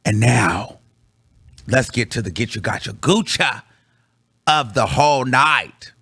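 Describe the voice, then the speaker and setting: A man telling a story to his viewers in slangy, casual chat, swinging from low mutters to high excited bursts. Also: slow, breathy edge, dry recording. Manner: slangy, calls the audience girl. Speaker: vlogger reviewing a concert.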